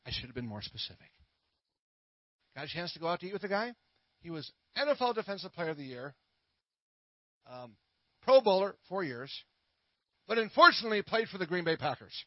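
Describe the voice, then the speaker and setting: A man's voice: high-pitched, big pitch swings, a little fast, long pauses, no echo, muffled recording. A middle-aged man, preaching a sermon with prayers, full of playful corny jokes. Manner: playful, corny jokes and laughs at his own puns.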